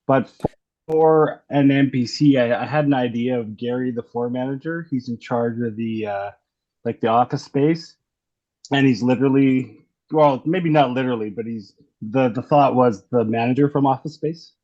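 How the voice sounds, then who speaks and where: Relaxed man on a muffled mic. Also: mid-range voice, normal speed. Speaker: player. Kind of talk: session-zero planning chat.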